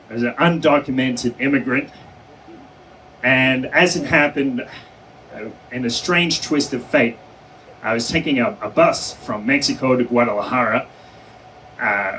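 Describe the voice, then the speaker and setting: A man's voice: mid-range voice, a bit bright, distant mic, slight background noise, low-quality recording. Man telling a story on a conference stage. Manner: conversational, many fillers and self-corrections, laughs between phrases. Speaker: conference speaker. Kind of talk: storytelling speech. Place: conference hall.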